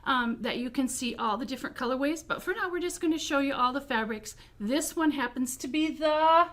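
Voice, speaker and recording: A middle-aged woman with a slightly high voice talks casually in a quilt shop. She is enthusiastic and chatty. She hesitates with ums and repeats words like beautiful. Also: fairly quick, fairly bright tone. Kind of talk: casual product presentation.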